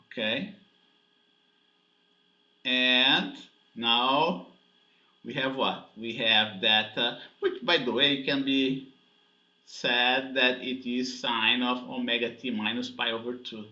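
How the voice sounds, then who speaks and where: A man teaches physics at a slow pace, pausing often, his medium-pitched voice steady in tone yet pushed and bright. He goes step by step through the lecture and keeps checking in with "okay?" and "right?" The classroom recording is echoey and dull.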